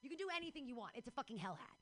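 A woman's voice: fairly high pitch, big pitch swings, very fast, a bit bright, soft background music. A woman hosting a comedy show, hyping up the crowd and introducing the comics with profane, cheering energy. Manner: hyped, cheering emcee.

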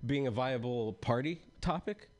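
A young man doing stand-up with a dry, measured delivery. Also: mid-range voice, a little mellow. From Egyptian family. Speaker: stand-up comic. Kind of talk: stand-up comedy set.

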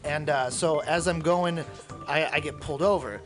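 A man co-hosting a casual radio talk show, telling profane, animated stories and acting out the people he quotes. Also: on the high side, normal speed, music in the background. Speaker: podcast co-host, comedian. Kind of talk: casual chat, storytelling.

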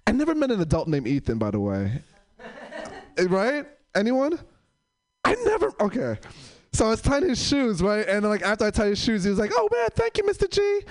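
Animated man telling stand-up stories. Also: normal speed. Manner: animated, acts out characters in a high voice. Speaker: stand-up comedian. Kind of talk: stand-up storytelling.

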